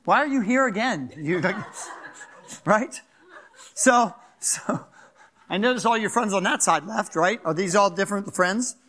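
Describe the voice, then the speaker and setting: Fast, animated older pastor from Philadelphia. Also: male voice, high-pitched. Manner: animated, fast-talking, asks the crowd "right?". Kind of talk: sermon.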